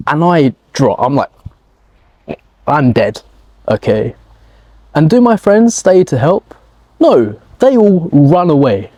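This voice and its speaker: A man recounts a story at a slow, deliberate pace for learners, with a mellow, soft-edged voice and a dry, close sound. He acts out the moments he describes and drops into quoted lines along the way. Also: mid-range voice, no echo. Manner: animated, acts out scenes and quotes. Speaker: language teacher telling a story.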